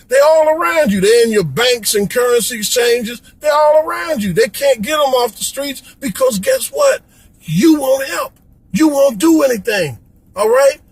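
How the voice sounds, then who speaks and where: A man's voice: very high voice, breathy edge, no echo, low-quality recording. A middle-aged man from Chicago, delivering an impassioned, pleading rant as a vlogger and repeating "come on, man.". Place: Florida.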